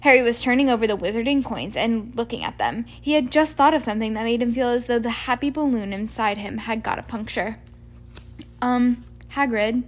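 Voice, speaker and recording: A woman reading a children's novel aloud, with steady, even storytelling. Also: a little high, quick pace, few pauses. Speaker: reader. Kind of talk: amateur audiobook reading.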